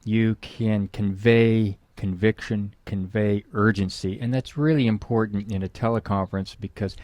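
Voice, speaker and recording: A man's voice: lowish voice, fairly even intonation, normal speed, a little mellow, no echo. A middle-aged man, a guest expert, explaining in conversation to an interviewer and acting out example phrases with emphasis.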